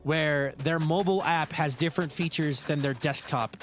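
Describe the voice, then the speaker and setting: American dude streaming, talks to chat nonstop, slightly high voice, soft music behind. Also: male voice, normal speed. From United States. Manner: chatty, answers viewers' chat aloud while playing. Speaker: game streamer.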